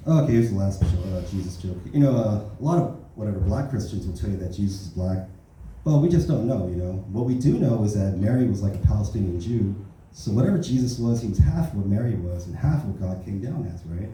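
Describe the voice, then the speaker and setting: Male stand-up, profane storyteller, low dark voice, club sound, roomy, mic a bit distant. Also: lively intonation, fairly quick, a little hiss or hum. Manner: profane, rambling storytelling, tag questions. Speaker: stand-up comedian. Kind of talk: stand-up comedy set. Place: open mic comedy club. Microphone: handheld stage mic.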